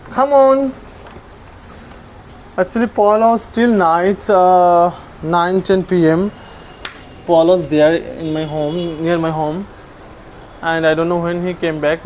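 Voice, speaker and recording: A slow, unhurried speaker feeding stray dogs on a street, filmed on a handheld phone. They coo at the animals, call each one by name in high, coaxing calls, and describe what the dogs are doing between calls. Faint background noise sits under the voice. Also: darkish tone. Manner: coaxing, affectionate talk to dogs, calling them by name; rises to high calls when summoning dogs. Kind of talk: casual narration while feeding animals.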